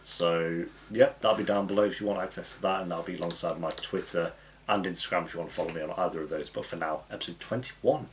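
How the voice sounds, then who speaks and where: Low croaky-voiced man chatting. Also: fast, slight background noise. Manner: chatty, rambling, laughs often. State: cough, dry croaky voice. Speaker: reaction video host. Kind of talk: casual chat to camera.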